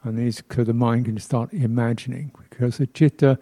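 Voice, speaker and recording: Mellow-voiced man giving a reflective dharma talk. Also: medium pitch, steady tone. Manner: reflective, unhurried, with pauses and soft laughs; playfully imitates speech sounds. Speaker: Buddhist teacher. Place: temple hall.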